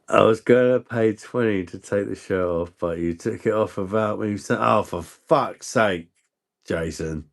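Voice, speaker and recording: A man's voice: on the low side, a little slow, creaky. A man hosting a casual livestream chat, trading crude, self-mocking banter and laughing often. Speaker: livestream host.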